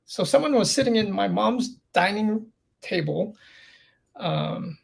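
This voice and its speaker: Podcast guest, middle-aged man, gravelly and slightly high voice, earnest storyteller. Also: expressive, takes it slowly. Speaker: interview guest. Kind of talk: candid storytelling in a podcast interview.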